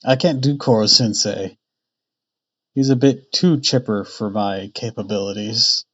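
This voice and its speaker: Slow, laughing man on a lo-fi stream. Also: fairly low pitch, fairly bright tone, husky. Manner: chatty, laughs often, thinks aloud. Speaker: streamer reading a novel aloud. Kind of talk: casual live-stream chat. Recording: dull lo-fi stream mic.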